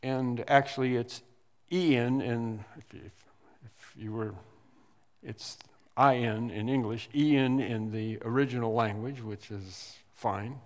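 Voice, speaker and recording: A male pastor delivering a sermon in a church sanctuary, his speech slow and measured. He hammers home single words with sudden emphasis, and a long hall reverb trails each phrase. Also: mid-range voice. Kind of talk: expository sermon.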